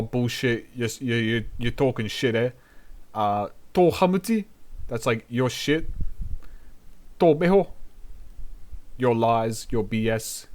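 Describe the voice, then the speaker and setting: A young man, a VTuber host giving a laid-back, profane language lesson and laughing often. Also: mid-range voice. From New Zealand.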